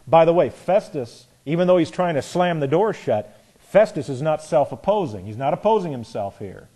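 Mellow-voiced man preaching a Bible lesson. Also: on the high side, sing-song, moderate pace, breathy edge. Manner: conversational, reads scripture then comments. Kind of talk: expository sermon.

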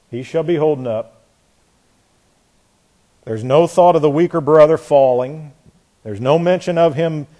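A man preaching an expository sermon, hammering home key phrases by repeating them and dropping into quiet asides. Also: fairly high pitch.

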